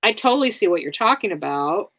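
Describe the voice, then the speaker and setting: A woman's voice: fairly low pitch, expressive, fast, a bit bright, no echo. A woman hosting a casual livestream, answering viewers in a blunt, rambling way with many fillers. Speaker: livestream host.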